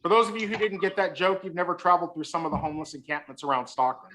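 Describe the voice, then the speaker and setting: A man's voice: on the high side, fairly even intonation, rapid-fire, background noise. A man giving a humorous talk on a video call, teasing his listeners and telling a story with punchlines. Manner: joking, storytelling, teasing the audience. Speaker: guest speaker.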